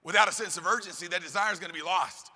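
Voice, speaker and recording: A man giving a fast-firing motivational speech to a live audience, pumping up the crowd with call-and-response questions and shouts. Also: high voice. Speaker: motivational speaker. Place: large event hall. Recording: hall reverb, live event.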